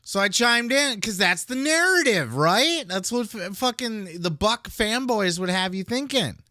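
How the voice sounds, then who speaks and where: A man's voice: high-pitched, lively intonation, unhurried, sharp tone, dry recording, studio quality. A man hosting a podcast, giving a heated, profane commentary rant. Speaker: podcast host.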